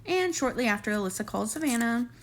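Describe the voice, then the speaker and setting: A woman's voice: on the high side, lively intonation, quick pace. A woman, casually recapping a reality show, chatty and sarcastic, acting out what people said. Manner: chatty, sarcastic, acts out quotes.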